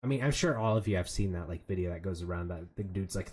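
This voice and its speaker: A man's voice: lowish voice, expressive, quick pace, hardly any pauses, husky. A man chatting casually while playing a game, rambling from one story to the next and laughing often. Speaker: streamer. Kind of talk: casual gaming chat.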